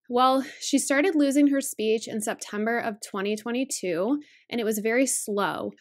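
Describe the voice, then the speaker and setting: A woman in her thirties hosting a budgeting vlog, talking in a chatty, earnest way with fillers and restarts. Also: mid-range voice. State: emotional, holding back tears. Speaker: budgeting channel host. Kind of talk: casual vlog talk.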